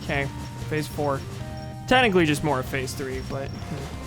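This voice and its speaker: A streamer giving live game commentary, excitable and quick to swear at the game. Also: mid-range voice, over music.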